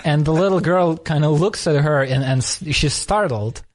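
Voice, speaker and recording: A man from the former Soviet Union hosting a conversational interview, telling stories quickly and thoughtfully with frequent restarts. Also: fairly high pitch, expressive. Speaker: podcast host.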